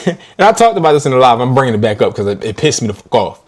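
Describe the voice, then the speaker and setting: A man ranting casually to his live stream viewers in an animated, slangy way, often laughing. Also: medium pitch, quick pace.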